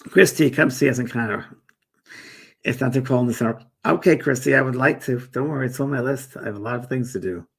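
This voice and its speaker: Middle-aged man, gravelly, husky, rambling live-stream host, reads viewer comments aloud and answers them. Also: medium pitch, fast talker. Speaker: host and medium.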